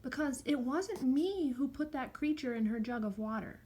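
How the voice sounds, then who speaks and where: A woman doing an earnest little schoolgirl, high-pitched. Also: expressive, normal speed, a little mellow, breathy edge. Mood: pleading.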